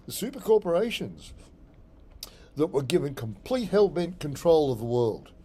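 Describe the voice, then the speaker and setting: A man's voice: fairly high pitch, big pitch swings, moderate pace, mellow, a little hiss or hum. An Australian man, a psychic medium, talking through a rambling solo blog monologue and often repeating his phrases.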